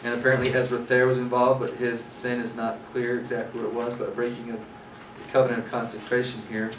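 A man's voice: medium pitch, monotone, a little fast. Male scripture teacher with a mid-range voice and a casual storytelling delivery, recorded from a distance in a roomy space with background noise. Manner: conversational storytelling with fillers. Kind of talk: scripture class lecture. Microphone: far from speaker. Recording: roomy, distant, noisy room.

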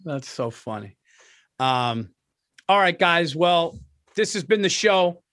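A man co-hosting a comedy podcast in casual banter, talking fast and swearing freely while plugging his tour dates. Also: a little high, expressive, a bit bright.

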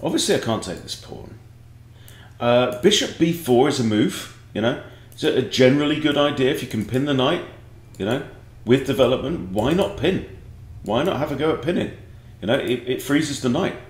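A man's voice: mid-range voice, animated, normal speed. A man teaching chess in a casual online lesson, rambling and joking with digressions. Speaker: chess coach. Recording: echoey room.

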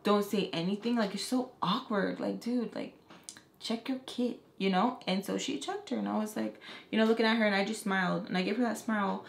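A woman's voice: medium pitch, fairly quick, vocal fry. A young woman makeup artist telling a casual storytime, chatty and profane, acting out the people she quotes. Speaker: makeup artist and beauty vlogger. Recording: echoey room.

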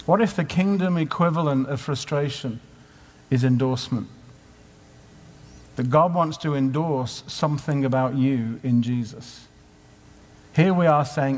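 A man's voice: medium pitch, a little slow, long pauses. A man preaching at a conference in a conversational way, asking many rhetorical questions. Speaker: conference speaker. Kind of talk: sermon. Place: conference hall. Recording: live hall with long reverb.

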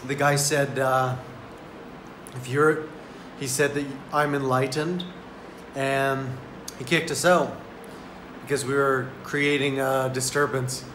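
A man's voice: mid-range voice, level tone, slow, a bit bright, echoey room, slight background noise. A man telling a story in a casual vlog, laid-back and rambling, with lots of "like". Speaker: vlogger.

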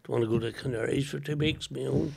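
A man's voice: mid-range voice, fast, vocal fry, darkish tone, husky. An older man, a guest comedian chatting casually, laughing often and swearing freely. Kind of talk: casual chat.

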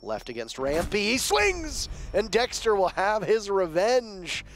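A man calling an esports match play by play, excitable and rising to shouts on big plays. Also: sits high, a little slow, slight background noise. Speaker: esports commentator. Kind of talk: play-by-play commentary.

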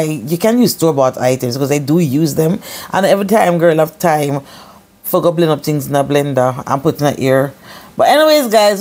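A woman's voice: lowish voice, a little mellow. A woman chatting casually to camera as a hair care vlogger, rambling and slipping into patois.

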